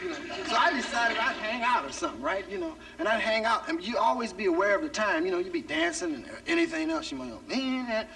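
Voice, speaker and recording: A man performing a stand-up comedy routine on stage, telling a story and acting out the people in it with sudden shouts. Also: extremely high pitch, sing-song, fast talker, creaky, hardly any pauses. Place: stage before a live audience. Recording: distant stage mic, loud noise.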